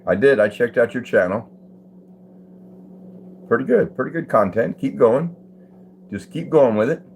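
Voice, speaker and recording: A medium-pitched, animated voice with vocal fry and a slightly mellow quality belongs to an older man running a relaxed live stream indoors at home. He talks a little slowly, greets viewers by name, and chuckles easily as he reads comments, with slight background noise present.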